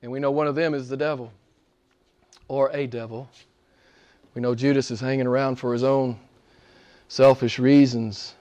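A man preaching a sermon in a church as pastor, emphatic, asking rhetorical questions and swinging between hushed and forceful delivery. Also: mid-range voice, level tone, moderate pace, long pauses.

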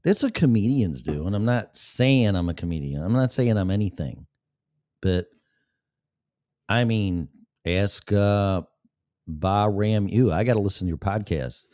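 A man with a deep, low voice talks to his live podcast audience in a loose, rambling way, swearing freely and joking with heavy sarcasm. The sound is dry and close, with no room around it. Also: lively intonation, measured pace, warm tone, no room sound. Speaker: podcast host. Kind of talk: casual live-stream monologue.

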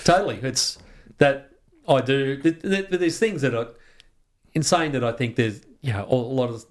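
A man's voice: mid-range voice, normal speed. An Australian man talking as a podcast guest in casual conversation, passionate and sweary, often restarting his sentences.

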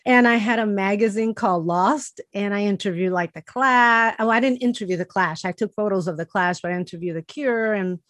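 Woman, podcast host, chatty, eager, mid-pitched, dry close recording. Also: fairly quick, few pauses, a bit bright, no room sound. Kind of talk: casual conversation.

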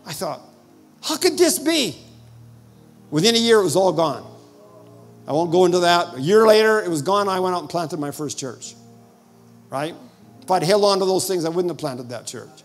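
An older man with a high voice preaches, acting out his stories and breaking into sudden loud bursts. Faint music plays underneath him. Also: expressive, a little fast. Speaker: visiting preacher. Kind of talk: sermon with personal stories.

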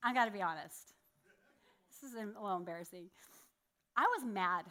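A woman's voice: mid-range voice, moderate pace, sharp tone. A woman giving a sermon, telling a personal story in a candid, self-deprecating way with laughs. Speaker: church speaker.

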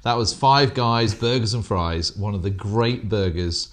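A very deep-voiced British man co-hosting a casual business podcast. He talks with dry, self-deprecating humour, easing between banter and explanation. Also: unhurried. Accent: British English. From England. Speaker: podcast co-host.

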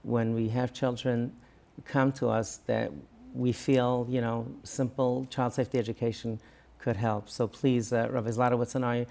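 An earnest rabbi talking through an interview, with a gravelly, creaky edge to his voice. He is a man who gets animated, often acting out the words of parents or coaches before dropping back to a plain conversational tone. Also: medium pitch, normal speed. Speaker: rabbi and guest.

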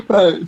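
A man's voice: very high voice, breathy edge. A man reading a listener's story aloud on a comedy podcast, laughing at it as he goes. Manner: giggly, keeps breaking into laughter.

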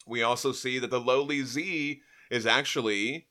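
Casting note: animated male podcast host, bright tone, casual comic recap. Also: medium pitch, moderate pace. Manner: animated, acts out quotes.

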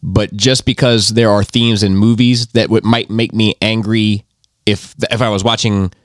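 Low-voiced, laid-back swearing man. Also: normal speed, no echo, clean studio sound. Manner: relaxed, swears freely, laughs easily. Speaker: podcast co-host. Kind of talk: casual chat.

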